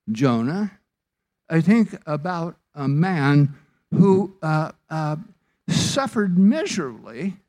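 A man preaching a sermon as pastor, slow and deliberate, lifting his voice for emphasis. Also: on the high side.

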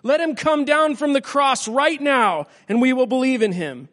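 A man's voice: very high-pitched, normal speed, in a large hall, pitched above the performer's own voice. A man reading the taunting lines of a mocking crowd in a church scripture reading. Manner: sneering, mocking. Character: jeering crowd of male mockers.

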